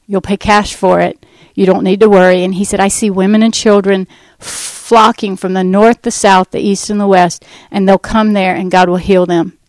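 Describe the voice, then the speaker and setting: A woman from the United States telling her life testimony, acting out the dialogue in lively fashion. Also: medium pitch, dry recording, rough recording. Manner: animated storyteller acting out dialogue. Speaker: ministry founder giving testimony. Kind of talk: personal testimony talk.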